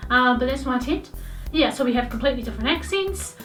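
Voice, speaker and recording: A woman's voice: high voice, animated, fast talker, fairly bright tone. A young woman with a New Zealand accent, chatting casually to camera in a rambling way with lots of ums. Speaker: vlogger. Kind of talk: casual vlog chat. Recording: roomy echo, voice from a distance, light background music.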